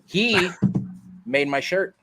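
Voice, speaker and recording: An American man chatting in a relaxed, quietly enthusiastic way on a live video call. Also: sits high, drawn-out words, dry recording, soft background music. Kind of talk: casual chat.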